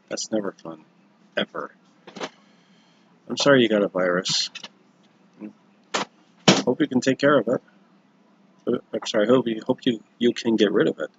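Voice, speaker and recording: A man's voice: medium pitch, measured pace, vocal fry, pauses often, muffled recording, a little hiss or hum. A man casually telling an improvised story on a livestream, rambling and self-correcting, with chatty asides to viewers.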